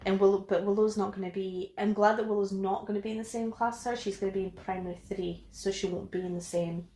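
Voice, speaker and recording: A woman's voice: mid-range voice, fairly even intonation, fast, dark tone, roomy sound. A Scottish woman in her thirties, co-hosting a podcast in casual, sweary chat. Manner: chatty, sweary, laughing often. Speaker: podcast co-host.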